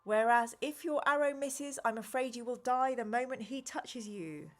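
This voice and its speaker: A woman voicing a weary, stern old male wizard who speaks calmly and in measured tones while reading a gamebook aloud. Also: fairly high pitch, close to an everyday voice. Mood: warning.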